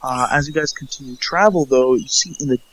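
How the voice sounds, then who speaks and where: A man narrating a tabletop game as game master, halting and restarting often. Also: medium pitch, fairly bright tone, low-quality recording. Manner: halting, full of fillers and restarts.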